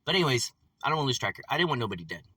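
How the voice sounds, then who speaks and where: A man's voice: medium pitch, very animated, racing, bright, forceful tone, slightly rough, no room sound. A man ranting in a rambling vlog, agitated and profane, repeating himself as he tells his story. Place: in a vehicle after work. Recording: distant mic with faint vehicle noise.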